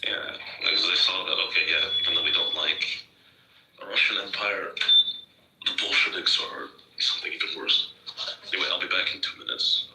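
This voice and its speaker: A man's voice: deep voice, steady tone, moderate pace, noisy background. A young man in casual chat, explaining history with easy confidence and lots of fillers, heard on a roomy, distant mic.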